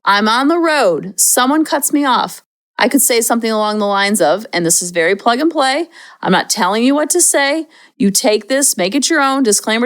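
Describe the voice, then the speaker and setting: A chatty, upbeat woman hosts a parenting podcast with a fairly high voice. She talks to the listener like a friend and keeps the tone light. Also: a bit bright. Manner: chatty and upbeat, slips into playful acted demonstrations. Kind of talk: casual advice monologue.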